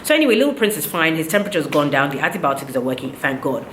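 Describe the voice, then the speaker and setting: A woman's voice: low-pitched, big pitch swings, racing, reverberant, slight background noise. A woman, animatedly retelling a story in a casual vlog, with indignant quoted dialogue. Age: 30s. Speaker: vlogger.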